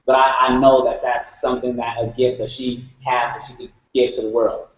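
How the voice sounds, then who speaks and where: At a heartfelt group share, a man speaks earnestly in a medium-pitched, level voice at a moderate pace, searching for words and repeating himself. The room is echoey and the sound is dull.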